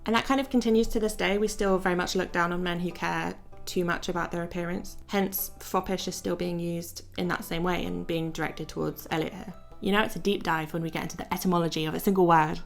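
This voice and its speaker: A woman's voice: on the low side, steady tone, brisk, gravelly, soft background music. A woman giving casual video-essay commentary in a playful, wry way, laughing between jokes. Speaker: YouTuber.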